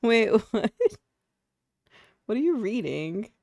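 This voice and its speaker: A woman's voice: fairly high pitch, sing-song, slow pace, creaky, a little mellow, no echo, clean studio sound. A young adult woman streaming a game, chatting casually in a playful, giggly way. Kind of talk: casual chat while gaming.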